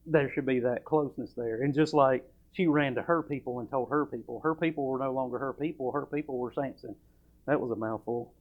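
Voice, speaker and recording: A man's voice: medium pitch, brisk. A man preaching a sermon at a church service. He talks in a folksy, emphatic way and reads old scripture aloud. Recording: dull lo-fi church recording.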